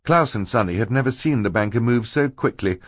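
A man's voice: mid-range voice, animated, a little fast, breathy edge, no echo, studio quality. A man reading a story aloud in a wry, dryly ironic way. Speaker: audiobook narrator. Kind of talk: scripted narration.

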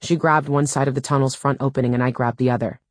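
A woman's voice: very deep voice, fairly even intonation, fast, dry recording. A woman reading a first-person audiobook in a wry, dry storytelling manner, close to a studio mic. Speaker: audiobook narrator.

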